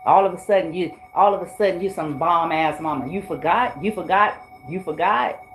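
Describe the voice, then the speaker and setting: A woman's voice: lowish voice, fairly quick, faint music behind, lightly acted, rough recording. A woman voicing a furious man, newly sober, who curses at his former partner and keeps repeating the same accusation.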